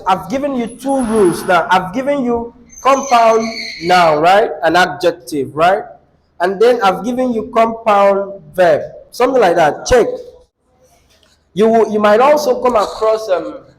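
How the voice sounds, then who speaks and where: Slow, high-voiced teacher lecturing. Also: male voice, poor audio. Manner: questions the class often, repeats key words. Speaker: English teacher. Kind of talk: classroom lecture.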